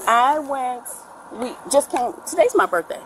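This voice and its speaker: A woman's voice: high voice, lively intonation, unhurried, slight background noise, low-quality recording. A middle-aged woman recounting a family fight to a police officer, talking at length and quoting what everyone said, caught on a body camera. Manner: talkative, retells quoted dialogue at length. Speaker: mother making a police report.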